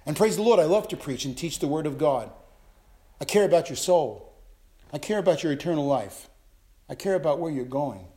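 Older pastor guy preaching hard, slightly high voice, gets loud and climbs up high. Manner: impassioned preaching, swings from low asides to loud high calls. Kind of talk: sermon.

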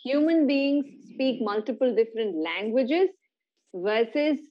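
A woman's voice: fairly high pitch, animated, measured pace, dull audio. A middle-aged woman hosting a podcast, patiently explaining science in casual chat with a child and laughing often. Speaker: podcast host.

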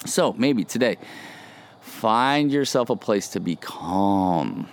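A man's voice: lowish voice, lively intonation, takes it slowly. A man hosting a casual devotional podcast outdoors, speaking earnestly and encouragingly and often repeating phrases. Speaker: podcast host. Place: outdoors by a pool.

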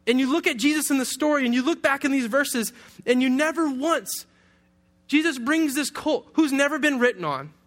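A man's voice: extremely high pitch, normal speed, fairly bright tone. A young man from Detroit preaching a sermon to a congregation, conversational and humorous, with playful asides. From Detroit, USA. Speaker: pastor.

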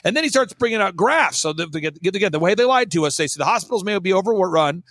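Raspy, animated man telling stories. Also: high voice, no room sound. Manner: emphatic, punchy, quick bursts of mimicry. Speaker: guest speaker. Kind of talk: animated storytelling on a talk show.

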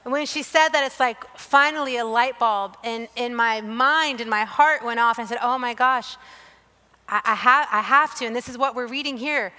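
A woman's voice: fairly high pitch, moderate pace, sharp tone. A woman preacher giving an earnest, emotional sermon, telling personal stories and often repeating her phrases. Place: church or hall with staff present. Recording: long reverb of a large hall.

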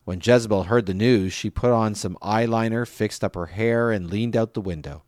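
A man reading a Bible passage aloud at a steady pace, with an occasional restart on a name or phrase. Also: on the low side, normal speed, no echo, studio quality. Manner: steady reading, lifts voice for quoted speech. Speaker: scripture reader.

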